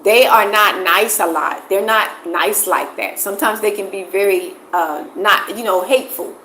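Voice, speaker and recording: A woman's voice: medium pitch, normal speed, pushed and bright, a little hiss or hum. Emphatic American woman in echoey room. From United States. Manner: emphatic, repeats phrases for stress. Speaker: vlogger answering live chat. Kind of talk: casual livestream talk.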